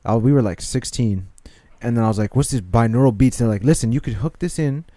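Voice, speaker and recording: A young man in casual chat, telling a rambling, excitable story. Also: medium pitch, fast, no room sound.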